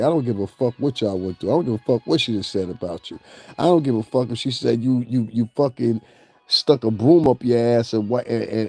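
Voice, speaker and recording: Male gossip vlogger with a mellow voice, mocking and ranting, laughs at his own jokes. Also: on the low side, dry recording. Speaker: celebrity gossip commentator. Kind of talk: profane ranting commentary.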